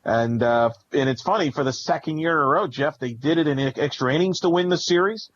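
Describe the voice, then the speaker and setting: A man's voice: a little high, fairly quick, lo-fi sound. A man co-hosting a sports podcast, talking through team records and stats in a rambling, analytical way. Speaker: podcast co-host. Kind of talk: casual sports talk.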